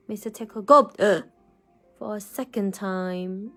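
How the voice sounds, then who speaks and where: A woman reading a picture book aloud to children as a storyteller, animated and often asking them questions. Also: mid-range voice, takes it slowly, faint music behind.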